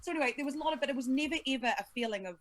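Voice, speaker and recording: A woman, a sports broadcaster telling a lively story in casual podcast chat and acting out quotes. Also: sits high, very fast. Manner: animated storytelling, acts out quotes.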